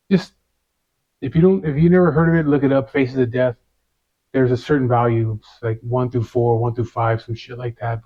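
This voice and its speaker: A man's voice: medium pitch, warm tone. Guy telling his story, lots of slang and cussing and "you know", kinda muffled audio. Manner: casual street slang, swears, constant "you know". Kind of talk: first-person storytelling.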